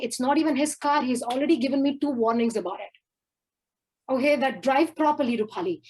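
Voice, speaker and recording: A woman's voice: high-pitched, rough recording. A woman from India doing a brash, profane, rambling stand-up rant at an open mic.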